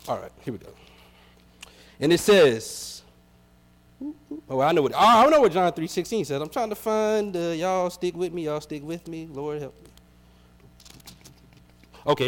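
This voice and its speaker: Joking, slightly high-voiced male preacher. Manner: casual, joking, self-deprecating, laughs often. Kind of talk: sermon.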